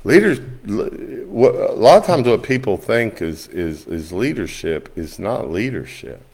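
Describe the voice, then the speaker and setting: A pastor with a deep, gravelly voice tells stories from the pulpit. His delivery is folksy and animated, with plenty of fry at the ends of phrases. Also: measured pace. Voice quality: low gravelly voice. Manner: folksy, animated storytelling, rising high when quoting others. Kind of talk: storytelling sermon.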